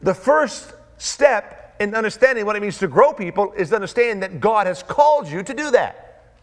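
A male pastor preaching a sermon with an emphatic, repetitive cadence and dramatic pauses. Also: high voice, expressive.

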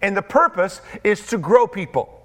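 A male pastor preaching a sermon with an emphatic, repetitive cadence and dramatic pauses. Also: high-pitched, animated, a bit bright.

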